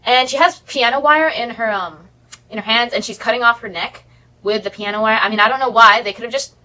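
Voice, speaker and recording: A woman's voice: on the high side, a little fast, pushed and bright, rough recording. A woman vlogger recapping a movie in casual, sarcastic commentary, rambling and exasperated as she picks the plot apart.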